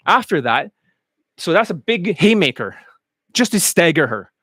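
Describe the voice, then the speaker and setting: A man's voice: high voice, very animated, unhurried, fairly bright tone, slightly rough, dry recording, clean studio sound. A man ranting as a dating coach, blunt, profane and mocking.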